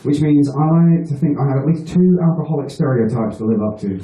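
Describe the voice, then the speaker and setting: A stand-up comedian with a higher, mellow male voice performs at a live venue with an audience, speaking briskly. He spins a rambling, crude story, swearing a lot and laughing at his own jokes. The room is echoey, the mic sounds distant, and the highs are cut off.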